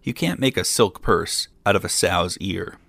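A man's voice: low voice, measured pace, gravelly, fairly bright tone, slightly rough, no echo, heavily acted. A man voicing a smug elder brother who mocks his simple sibling. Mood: scornful. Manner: mocking.

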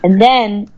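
Animated, swearing woman telling a story. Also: high voice, vocal fry, slightly rough, muffled recording. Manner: animated, profane, exasperated storytelling. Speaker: podcast co-host. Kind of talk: casual chat.

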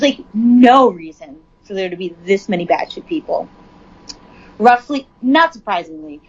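A woman's voice: on the high side, muffled recording. A woman casually reading news aloud and riffing on it with frank, profane asides. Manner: chatty, profane, reads news then riffs on it. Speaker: commentator.

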